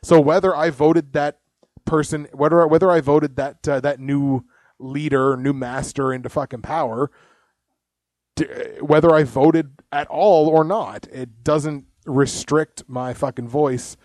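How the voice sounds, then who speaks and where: A man riffs loosely as a podcast host, his voice sitting a little high for a man. He swears freely, rambles from point to point and laughs at his own jokes, and the sound is close and dry. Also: steady tone, measured pace, a little mellow, no echo. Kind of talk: casual profane podcast chat.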